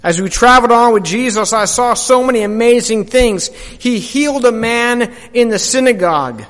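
Brief: a high-pitched male preacher in dramatic monologue, slow and animated, reverberant hall. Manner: animated storytelling, hushed to shouting. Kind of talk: first-person dramatic monologue.

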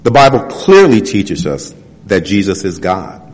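A man's voice: deep voice, sing-song. Male preacher in a reverberant hall. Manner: reads scripture slowly, then presses points with rhetorical questions. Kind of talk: sermon.

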